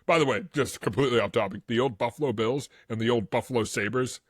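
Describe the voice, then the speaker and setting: Husky male co-host, rambling, laughs easily, dry close mic. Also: mid-range voice, dry recording. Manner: rambling storyteller, quick to laugh, acts out quoted voices. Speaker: podcast co-host. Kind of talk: casual podcast chat.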